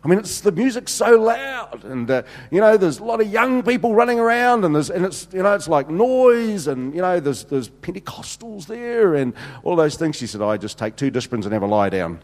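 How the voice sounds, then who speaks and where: Preaching in a church hall with long reverb, a middle-aged senior pastor tells humorous anecdotes peppered with fillers. His voice sits high with big pitch swings, and he keeps a moderate pace with hardly any pauses.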